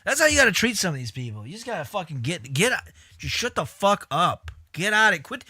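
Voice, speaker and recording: Bright, animated male streamer. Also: fairly high pitch, dry recording, studio quality. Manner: profane, exasperated, joking. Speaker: streamer reacting to clips. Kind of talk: casual live-stream commentary.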